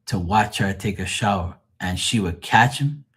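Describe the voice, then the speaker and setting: A man's voice: sits low, moderate pace, fairly bright tone, slightly rough. A man hosting a late-night live tarot stream, telling stories in a rambling, profane way and laughing at them. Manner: laughs often at his own stories. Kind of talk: late-night livestream storytelling.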